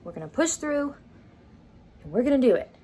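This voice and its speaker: A woman's voice: high-pitched, sing-song, normal speed, dark tone, slightly rough. A young woman, chatting casually in a vlog from her car and room, tired and laughing often, with lots of fillers. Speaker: vlogger. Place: in her car, then at home.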